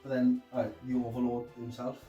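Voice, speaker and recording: A man with a middle-pitched voice makes brief, easygoing comments as he chats about a tabletop game. He sits some way off the mic in a room that echoes, and faint music plays in the background. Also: monotone, a little fast, dark tone, recorded from a distance, lo-fi sound. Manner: brief, laid-back remarks. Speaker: co-host and opponent player. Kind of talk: casual tabletop game chat.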